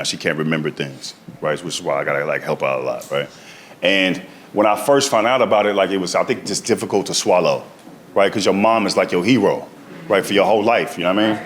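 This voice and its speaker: A male stand-up comedian telling stories on stage in a conversational way, often tagging lines with "right?". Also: sits low. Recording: echoey room, noisy background.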